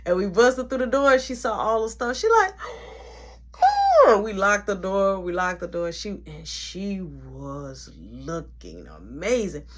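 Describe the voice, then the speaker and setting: Animated, husky-voiced man telling a story. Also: high-pitched, measured pace, few pauses. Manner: animated, conversational, with frequent asides. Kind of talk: casual storytime.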